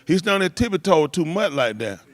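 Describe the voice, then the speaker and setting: A man, talking casually and rambling from one story to the next. His voice sits a touch high for a man, and the recording is dry and close with no room sound. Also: very animated, fairly quick, dry recording. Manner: loose rambling delivery with laughs and shouted impressions.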